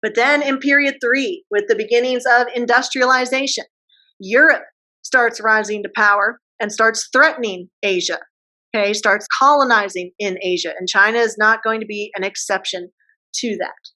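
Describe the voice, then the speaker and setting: Woman teacher lecturing, bright highish voice, casual slangy, asks questions. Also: normal speed, poor audio. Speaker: history teacher. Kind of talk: classroom lecture.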